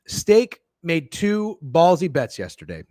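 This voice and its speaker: A man's voice: on the high side, huge pitch swings, slow, warm tone, dry recording. A man hosting a sports betting show, ranting in casual, profane chat and answering messages from viewers. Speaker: sports betting podcast host.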